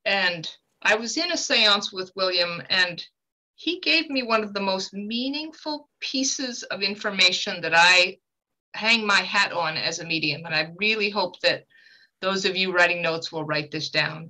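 A woman working as a medium tells stories and gives advice in an earnest, conversational way, with lively swings in pitch for emphasis. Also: poor audio. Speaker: medium and guest speaker. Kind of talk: conversational teaching talk.

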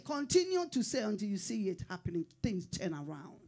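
A woman's voice: mid-range voice, big pitch swings, fairly quick, warm tone. A middle-aged woman pastor preaching a sermon in short, fervent, repeated declarations.

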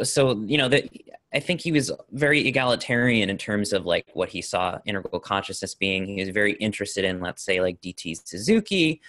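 A man's voice: on the low side, fairly bright tone, no echo. Man speaking thoughtfully in a group chat. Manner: thoughtful, with many fillers and restarts. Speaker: discussion participant. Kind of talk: casual group discussion.

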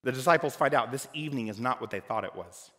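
A man preaching a sermon as pastor, dynamic, moving between loud emphatic lines and quiet, hushed ones. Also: medium pitch, fast. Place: church hall. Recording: church hall with long reverb.

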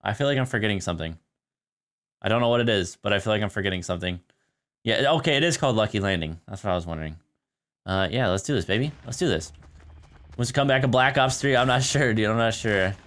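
A man's voice: on the low side, fast talker, fairly bright tone. Tired, laid-back young male streamer. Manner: laid-back, chatty, many fillers. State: tired early-morning voice. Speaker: gaming streamer. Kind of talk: casual live-stream commentary.

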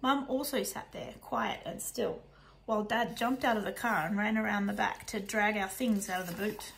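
A woman narrating a children's novel in the first person, in a hushed, soft delivery. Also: mid-range voice, gravelly, poor audio. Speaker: audiobook narrator.

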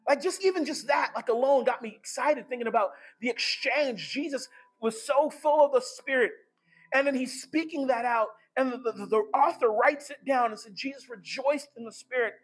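High, husky-voiced excitable preacher man. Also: moderate pace, soft background music. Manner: excitable, emphatic, swings between loud bursts and hushed lines. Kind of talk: energetic sermon.

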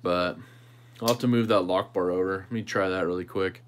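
A man's voice: low-pitched, steady tone, brisk. A man hosting a knife channel livestream, chatting casually with viewers and thinking aloud while he tinkers with a knife.

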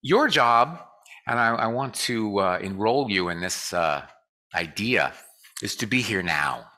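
Bright-voiced man giving a lively casual sermon. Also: on the low side, measured pace. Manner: joking, conversational, leads call and response. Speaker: guest speaker. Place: church sanctuary.

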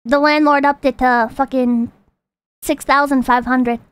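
A spoiled rich kid whining about rent, as a woman mocks him, in a self-pitying drawl. The voice sits lower than her own very high voice and sounds dry and close. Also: steady tone, unhurried, clean tone, no echo. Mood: mocking whine. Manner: mocking, self-pitying whine. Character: whiny spoiled rich young adult complaining about rent.

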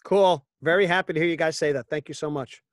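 A man's voice: a little high, fairly even intonation, fast talker, no echo, studio quality. A middle-aged man, a voice actor, chatting as an interview guest in a wry, joking, anecdotal way. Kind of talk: casual interview.

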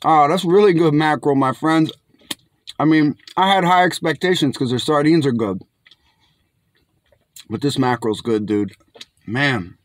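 A man's voice: a little high, normal speed, pauses often, no room sound. A young man casually reviewing canned fish outdoors, chatty and laid-back, often calling viewers his friends. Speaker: food reviewer. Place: outdoors in bright sun.

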